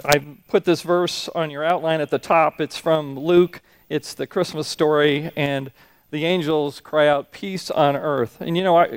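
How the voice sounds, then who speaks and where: A middle-aged man with a slightly higher voice delivers a relaxed, self-deprecating sermon, slipping into lively voices for his stories. The sound is dry and close. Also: no room sound. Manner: conversational, self-deprecating, animated storytelling voices. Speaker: pastor. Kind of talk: sermon with humorous anecdotes.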